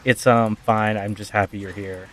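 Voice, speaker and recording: A man's voice: fairly low pitch, flat delivery, moderate pace, lightly acted. Man voicing a devoted, kindly village priest.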